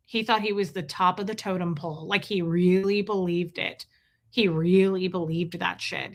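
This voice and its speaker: A woman's voice: mid-range voice, pushed and bright. A middle-aged woman hosting a casual livestream, talking emphatically, repeating herself and breaking off to greet viewers in chat. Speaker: livestream host reading chat.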